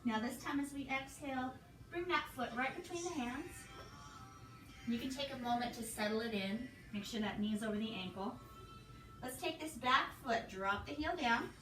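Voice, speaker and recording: A yoga instructor talks students calmly through breaths and poses in a slightly high voice. She sits back from the mic in an echoey hotel room, with music playing clearly behind her. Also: moderate pace, distant mic. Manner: calm, counts breaths and cues poses. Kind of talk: guided yoga class instruction.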